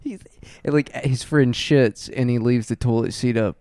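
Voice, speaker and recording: Podcast co-host, a man who rambles and laughs his way through bits, mid-pitched. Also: normal speed, a little mellow, no echo. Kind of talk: casual comedy chat.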